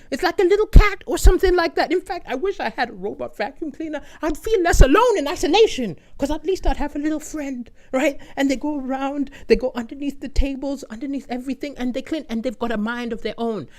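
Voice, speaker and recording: Man, comedian, high-pitched, animated storytelling, keeps asking "right?". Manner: animated, lively swings in loudness, frequent "right?". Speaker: comedian host. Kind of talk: stand-up storytelling.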